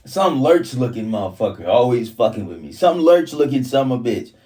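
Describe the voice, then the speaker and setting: A man's voice: mid-range voice, sing-song, brisk, dark tone, far from the mic. Profane ranting man, set back from the mic. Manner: profane, repetitive, heated ranting. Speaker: vlogger. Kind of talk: casual ranting monologue.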